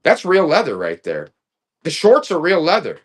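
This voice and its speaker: Auction stream host, animated pitch, jokey hard-sell patter. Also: normal speed. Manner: joking, playful sales banter. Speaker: live online auction seller.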